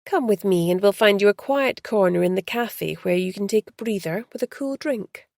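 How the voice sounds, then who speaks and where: A tense young woman detective talking low and uneasy, as a woman narrator reads her. The voice is gravelly and mellow, and the recording is dry and close. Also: expressive, normal speed, no echo. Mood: coaxing.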